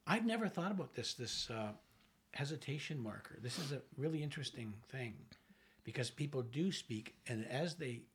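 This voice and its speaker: A Canadian man interviewing a guest, chatting casually and sharing his own quick stories. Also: mid-range voice, expressive, slight background noise.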